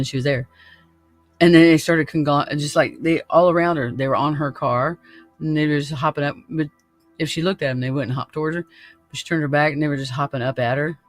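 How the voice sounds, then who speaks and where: A man hosting a podcast in casual chat, laid-back and laughing often, swearing freely. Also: on the high side. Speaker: podcast host.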